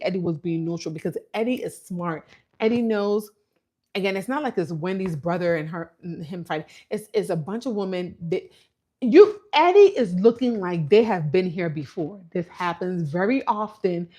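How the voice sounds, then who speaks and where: A woman talking casually as host of a reality TV recap, telling the story with animation and acting out what people said. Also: fairly low pitch. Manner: animated storytelling, mimicking quotes. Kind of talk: casual commentary.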